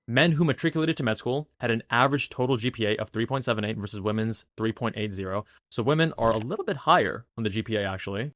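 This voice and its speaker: A man's voice: medium pitch, a bit bright. A man in his thirties, a YouTube host and doctor, talking casually as he walks through admissions statistics step by step. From South Asian heritage. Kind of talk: casual explainer talk.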